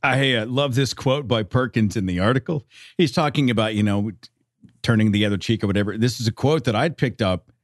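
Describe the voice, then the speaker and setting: A man guesting on a podcast in casual chat, wry and outspoken in a measured way. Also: fairly low pitch, dry recording, clean studio sound.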